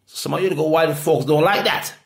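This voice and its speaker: A middle-aged Jamaican man in a rambling, profane monologue that swings from loud outbursts to low mutters. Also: moderate pace, gravelly. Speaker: reggae artist.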